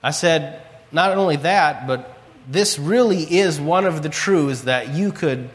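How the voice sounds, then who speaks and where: A man's voice: on the high side, unhurried. Earnest male preacher in a reverberant hall. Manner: earnest storytelling, quotes scripture and his own prayers. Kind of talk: sermon.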